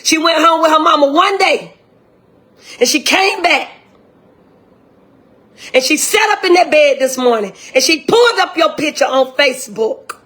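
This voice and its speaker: A woman's voice: high voice, expressive, normal speed, long pauses, fairly bright tone. An older woman, a grieving grandmother speaking in an impassioned, indignant way straight to her viewers. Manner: indignant, impassioned, repetitive direct address. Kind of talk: emotional direct-address video.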